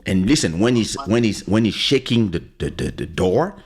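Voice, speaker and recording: A man hosting a podcast, telling a story in a casual, animated way, acting out quotes and slipping into French phrases. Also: lowish voice, normal speed, faint music behind. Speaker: podcast host.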